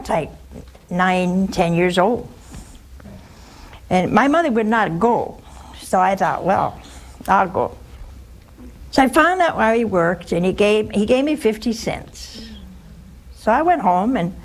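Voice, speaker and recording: A woman's voice: mid-range voice, slight background noise. An older woman, a nun, giving a spiritual talk with personal stories, plain-spoken and speaking straight to her listeners. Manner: plain-spoken, storytelling, addresses listeners directly.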